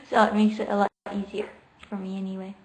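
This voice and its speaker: A woman in a casual late-night livestream from home, talking into her laptop while sitting on the floor, chatty and giggly as she reads out viewer questions and answers them. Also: mid-range voice. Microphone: laptop microphone.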